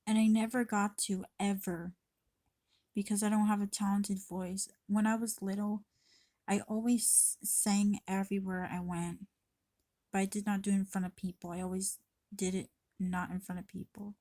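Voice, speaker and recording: A vlogger speaks straight into her camera mic in a rambling, confessional vlog, her medium-pitched delivery flat and even at a normal pace. The sound is dry and close with no echo, and she swears freely while repeatedly stopping to restart her thoughts.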